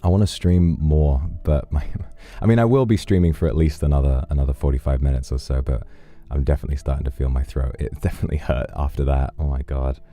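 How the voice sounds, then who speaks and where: A man's voice: extremely low pitch, fast, hardly any pauses, faint music behind. A man streaming, casually reading out donations in a teasing, flirtatious, rambling way. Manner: relaxed, rambling, with fillers.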